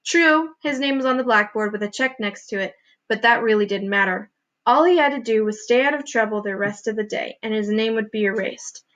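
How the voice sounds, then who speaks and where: A woman teacher narrating a children's book aloud with clear, expressive reading. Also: on the high side, a little fast, dull audio. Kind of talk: storybook read-aloud narration.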